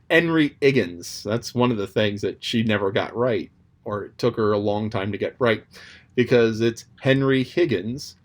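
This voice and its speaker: A man muses aloud at an unhurried pace in a casual, rambling chat about a chapter he read. His pitch sits in a middling range for a man, and he fills his thoughts with ums and restarts. Now and then he plays at quoting others. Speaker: host reflecting on a read-aloud book chapter. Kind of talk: casual spoken commentary.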